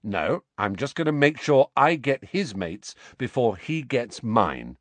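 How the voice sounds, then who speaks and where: A man's voice: mid-range voice, sing-song, a little slow, fairly bright tone, no echo. A man playing a sulky, sarcastic schoolboy. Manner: blunt and sarcastic.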